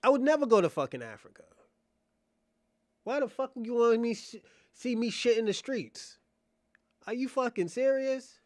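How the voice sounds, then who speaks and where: Dude with a high voice ranting about stuff, cussing, laughing now and then. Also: male voice, expressive, normal speed, long pauses, no room sound, clean studio sound. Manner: blunt, profane, laughing asides. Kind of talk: casual commentary.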